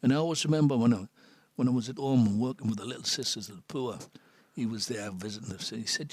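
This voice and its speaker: Husky old North East English man. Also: medium pitch, quick pace, few pauses, darkish tone, no echo. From Sunderland, England. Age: 70s. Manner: chatty, laughs often, drops to a near whisper on serious points. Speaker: missionary priest, guest. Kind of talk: casual storytelling chat.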